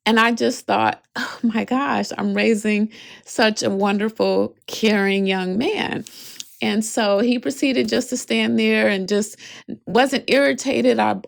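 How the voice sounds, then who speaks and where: Earnest woman podcaster with a gravelly voice. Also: medium pitch. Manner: heartfelt, earnest, voice cracking with emotion. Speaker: podcast host. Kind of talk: reflective solo podcast storytelling.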